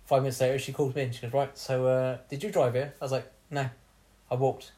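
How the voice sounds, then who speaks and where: A man's voice: medium pitch, level tone, quick pace, warm tone. A young man telling a bawdy story on a casual podcast, laughing often as he acts out what people said.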